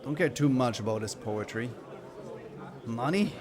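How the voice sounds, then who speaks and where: A man's voice: mid-range voice, animated, a crowd in the background. A man streaming a game and musing in casual commentary. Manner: musing, unhurried.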